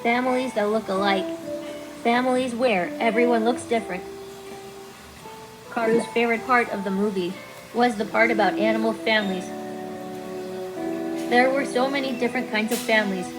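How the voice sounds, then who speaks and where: A woman's synthetic robot voice narrating children's stories in a clear, even, friendly way. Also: a little high, rough recording. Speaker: storytelling companion robot.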